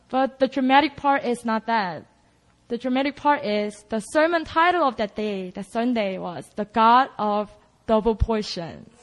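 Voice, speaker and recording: A young woman, an intern pastor from South Korea, telling a lively testimony in a sermon and mixing in words. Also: high voice.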